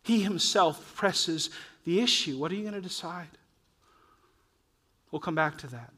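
Male pastor, high voice, earnest and urging, rises and drops between loud and soft. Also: measured pace. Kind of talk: sermon.

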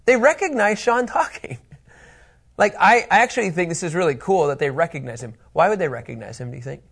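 A man's voice: on the high side, fairly quick, gravelly, breathy edge. A middle-aged man teaching a Bible study lesson in a conversational, joking way. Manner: conversational, animated, jokey.

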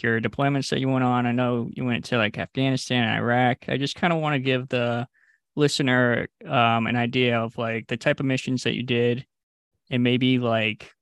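A man's voice: medium pitch, a bit bright, no room sound, clean studio sound. A man hosting a podcast, asking a rambling question full of fillers. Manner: hesitant, many fillers. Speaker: podcast host. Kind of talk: interview questions.

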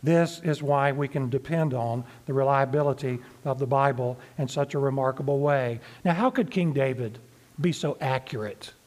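Male pastor, slightly high voice, measured sermon delivery that lingers on key verses. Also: a little mellow. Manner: measured, slows down to stress verses. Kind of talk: sermon reading and explaining scripture.

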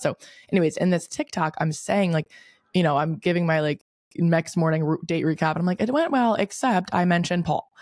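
A woman in her twenties hosting a podcast, telling a story in a casual, animated way, full of "like" fillers. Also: deep voice, gravelly, no room sound, studio quality. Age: 20s. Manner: chatty, lots of "like" fillers, animated retelling. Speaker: podcast host.

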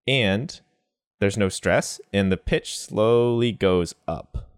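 A man teaching pronunciation in a casual lesson, explaining slowly with examples and mixing in Japanese words. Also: lowish voice, clean tone, dry recording, studio quality. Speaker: language teacher.

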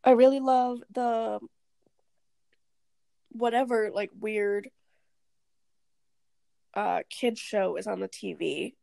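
Young woman podcast cohost, gravelly voice, dry close sound, laughs a lot. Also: medium pitch, slow, long pauses, mellow, no echo. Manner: laughs often, acts out quoted lines. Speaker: podcast co-host. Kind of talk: casual movie recap chat.

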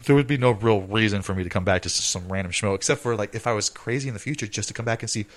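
A man's voice: fairly low pitch, rapid-fire. A man in his thirties, an improv comedian guesting on a podcast, talking in a rambling, swearing casual chat. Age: 30s.

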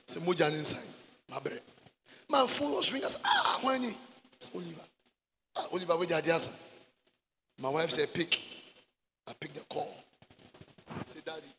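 Gravelly-voiced preacher in a hall. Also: male voice, a little high, expressive, normal speed, pauses often. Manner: switches between Twi and English, shouts for emphasis. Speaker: pastor. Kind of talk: sermon. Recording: echoey hall with faint noise.

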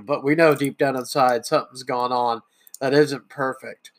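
A middle-aged trans woman hosts a solo podcast about parenting, her voice rumbling low and steady at a moderate pace. She talks in a conversational, reflective way, often restarting her sentences and acting out quotes.

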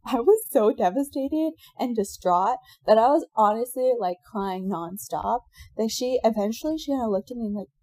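Chatty higher-voiced woman, close and dry. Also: normal speed, dry recording. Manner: animated storyteller, laughs often, acts out quotes. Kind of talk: casual chat.

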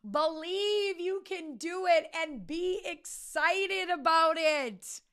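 A woman's voice: very high voice, takes it slowly. A woman hosting a podcast, giving a motivational talk with energy and emphatic repetition. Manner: energetic, emphatic, repeats key points. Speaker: podcast host.

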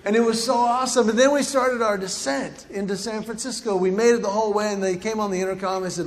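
A man's voice: high voice, steady tone, fairly quick, few pauses, long reverb tail. A man giving a humorous faith talk, telling a story and acting out his own panic with sudden yelps. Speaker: Christian comedic speaker.

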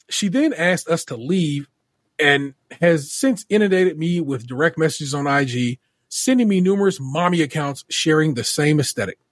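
A podcast co-host reading out a listener's story in a steady voice, adding wry asides. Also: male voice, on the high side, normal speed, no echo, clean studio sound. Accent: Californian. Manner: steady read-aloud delivery with wry asides. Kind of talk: reading a listener story aloud, casual chat.

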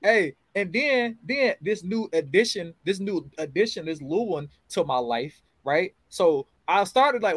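A man with a fairly high voice tells animated, profane stories as a podcast co-host. He is recorded close to the mic, with a dry sound and no room around him. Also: unhurried, few pauses, no echo, rough recording. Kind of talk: casual chat.

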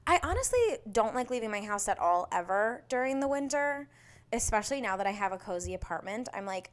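A woman's voice: mid-range voice, expressive, fairly quick. Bubbly chatty young woman. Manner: bubbly, chatty, lots of fillers. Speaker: podcast host. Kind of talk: casual solo chat.

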